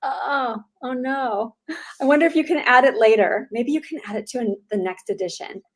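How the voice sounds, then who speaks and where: A woman's voice: fairly high pitch, normal speed, low-quality recording. A woman hosting a casual livestream Q&A, dropping in brief, playful, sympathetic remarks. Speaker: interview host.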